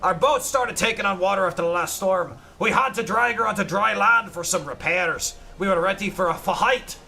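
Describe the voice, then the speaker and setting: A man's voice: sits high, normal speed, vocal fry, bright, forceful tone, soft background music, heavily acted. A man voicing a boastful, greedy male pirate leader in a hammy put-on Irish accent, drawing out his H sounds. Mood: swaggering. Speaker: streamer reading in-game notes aloud.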